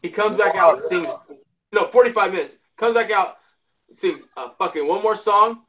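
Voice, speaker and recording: A man in a casual chat, telling long profane stories in a rambling, animated way. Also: sits high, normal speed, noisy background. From Spokane, Washington area.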